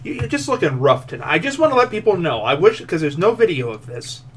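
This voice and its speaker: Teasing male podcast host, lively pitch. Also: fast, slightly rough. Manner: teasing and jokey. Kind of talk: casual comedic chat.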